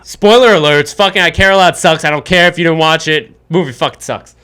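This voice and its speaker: A man's voice: fairly high pitch, brisk, pushed and bright, smooth. A man hosting a podcast, ranting in casual, profane chat about a movie he disliked. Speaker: podcast host.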